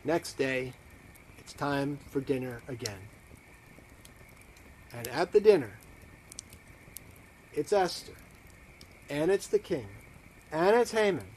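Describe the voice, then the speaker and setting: A man's voice: a little high, animated, slow, pauses often, a little mellow, slight background noise. A man, a rabbi, telling a holiday story dramatically, dropping to near whispers and swelling up again. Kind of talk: storytelling to a congregation online.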